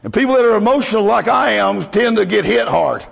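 A man's voice: high voice, lively intonation, a little fast, creaky. Man, pastor, folksy emotional sermon, long reverberant hall. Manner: emotional, folksy, calls out "Hello?" to the congregation.

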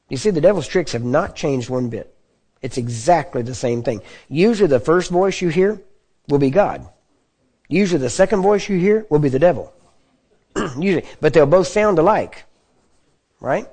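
Man preaching a casual, dark-toned sermon. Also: fairly high pitch, animated, normal speed. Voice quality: clears throat often. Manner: conversational teaching with frequent check-ins to the audience.

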